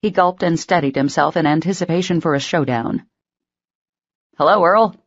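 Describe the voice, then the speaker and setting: Low-voiced woman narrating an audiobook. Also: brisk, no room sound, lo-fi sound.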